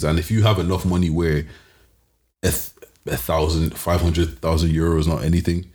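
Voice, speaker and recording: A man's voice: low-pitched, fairly even intonation, normal speed, a little mellow. A young man co-hosting a casual podcast chat, laid-back and rambling, with lots of restarts and slang. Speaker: podcast co-host.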